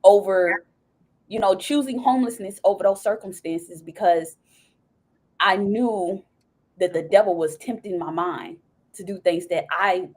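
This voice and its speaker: Young woman, podcast guest, mid-pitched voice, halting, emotional, near tears. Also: darkish tone. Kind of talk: personal testimony in conversation.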